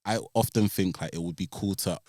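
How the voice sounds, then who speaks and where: A young man with a very low, deep voice talks through his ideas in a loose, meandering podcast chat. The sound is dry and close, with no room around it. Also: brisk, a little mellow, no room sound. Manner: thoughtful, rambling with fillers. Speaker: podcast co-host. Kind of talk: casual chat.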